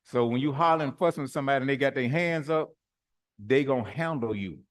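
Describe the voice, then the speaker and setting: A middle-aged man preaching in a relaxed, colloquial way. His voice sits at an ordinary middle pitch. He moves through personal stories with lively swings and chuckles between phrases. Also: quick pace. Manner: animated, colloquial, laughs mid-sentence. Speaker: bishop. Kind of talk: informal sermon with personal stories.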